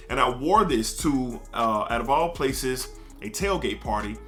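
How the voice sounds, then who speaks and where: A man reviewing fragrances in a relaxed, storytelling way, with frequent fillers. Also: mid-range voice, a little slow, few pauses, soft background music. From United States. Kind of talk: casual review talk to camera.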